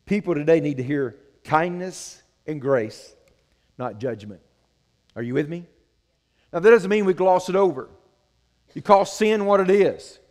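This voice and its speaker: A man's voice: on the high side, a little slow, pauses often, a little mellow, big-room sound. A man preaching a sermon as pastor, earnest and conversational, asking the congregation questions.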